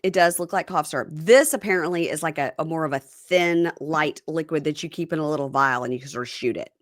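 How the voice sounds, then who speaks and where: A woman hosting a casual podcast, recapping a reality TV episode with animated retelling. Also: a little fast, no room sound, studio quality. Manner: lively, acts out quotes in a higher voice. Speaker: podcast host.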